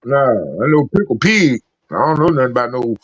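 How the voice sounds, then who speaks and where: A man calling in to a stream, chatting and telling rambling stories with animated laughter. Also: medium pitch, fairly quick, breathy edge. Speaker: regular caller on a call-in stream. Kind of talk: casual chat and storytelling. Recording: muffled lo-fi call audio with fan noise.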